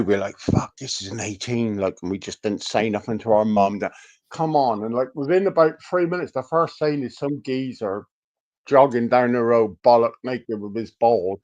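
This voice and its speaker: A man, chatting casually as co-host and telling swear-laden stories, acting out his family's voices. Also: mid-range voice. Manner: profane storyteller, animated quoting of family. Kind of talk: casual chat.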